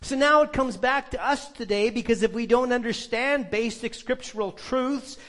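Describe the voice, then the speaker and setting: Very high-voiced emphatic male preacher. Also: moderate pace, a bit bright. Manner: emphatic, rhetorical questions to the congregation. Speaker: pastor. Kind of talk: sermon.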